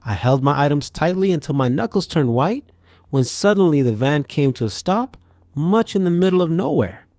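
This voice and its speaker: A man narrating a scripted story with a steady, even storytelling delivery. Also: fairly high pitch, normal speed, no room sound.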